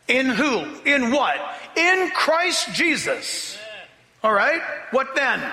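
A man preaching a sermon as pastor, animated, acting out voices to make his points. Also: extremely high pitch, vocal fry. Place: church sanctuary. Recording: long hall reverb.

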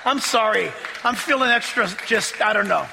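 A man preaching a sermon as a pastor, excitable, often laughing and rising to shouts as he reads scripture. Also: high-pitched, normal speed, vocal fry, long reverb tail, crowd noise, noisy background.

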